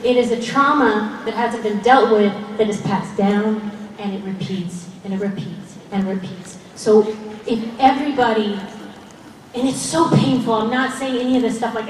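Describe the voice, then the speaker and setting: An actress at a fan convention panel, speaking earnestly and passionately with frequent laughs. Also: female voice, on the high side, moderate pace, slight background noise. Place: large convention hall. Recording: echoey hall, voice far off, faint crowd ambience.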